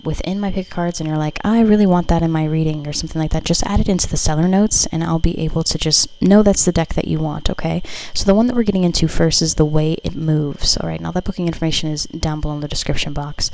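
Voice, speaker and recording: A woman's voice: low voice, darkish tone, low-quality recording. A woman doing a casual tarot reading for her viewers, chatty and loose, full of fillers and the odd swear word. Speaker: tarot reader.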